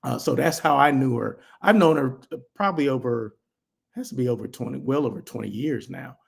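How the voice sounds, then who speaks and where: A man's voice: mid-range voice, a little fast, creaky, slightly rough. A man hosting a live daily show, chatting casually in a rambling way with lots of asides and restarts. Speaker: host. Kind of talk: casual livestream chat.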